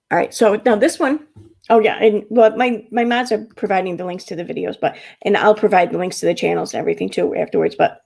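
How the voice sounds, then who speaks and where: Rambling American woman with a creaky voice. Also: medium pitch, darkish tone. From United States. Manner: rambling, filler-heavy, laughs easily. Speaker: livestream host. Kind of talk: casual livestream chat.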